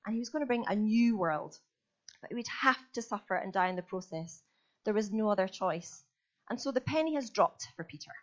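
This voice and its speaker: A woman's voice: medium pitch, expressive, fairly quick, muffled recording. A woman preaching a sermon in a chatty, self-deprecating storytelling manner.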